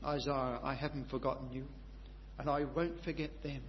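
A man preaching a sermon with passion, moving between quiet reflection and loud, emphatic declarations. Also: medium pitch, fairly even intonation, normal speed. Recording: lo-fi recording in a reverberant hall, faint hum.

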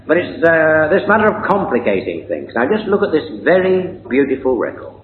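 Older male preacher, chatty sermon full of asides, lively rising and falling pitch, thin phone-like sound. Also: moderate pace, a little hiss or hum. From England. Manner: conversational, with frequent rhetorical questions. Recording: tinny phone-like audio in an echoey hall.

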